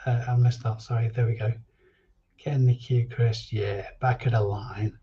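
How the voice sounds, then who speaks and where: A man's voice: mid-range voice, steady tone, moderate pace, dull audio. A man hosting a casual live stream, chatty and jokey as he reads out viewers' names. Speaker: reseller livestream host.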